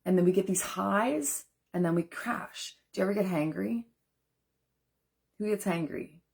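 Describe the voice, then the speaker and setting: A woman's voice: medium pitch, a little slow, creaky, darkish tone, slightly rough. A woman who works as a nutrition coach, chatting earnestly and straight to viewers on a live stream and answering their comments. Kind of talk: casual live-stream chat.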